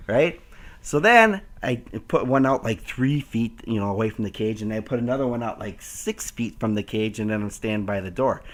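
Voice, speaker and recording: Animated man telling a funny story. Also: fairly quick. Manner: animated storyteller, squeaky baby-talk voice for the dog. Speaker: host. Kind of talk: casual storytelling chat.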